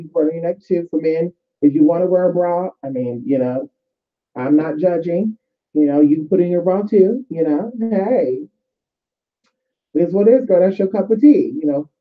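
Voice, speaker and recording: A woman vlogging casually about spiritual practice, chatty and profane, calling her viewers y'all. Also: fairly low pitch. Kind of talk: casual spiritual advice and storytelling. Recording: tinny phone-like sound.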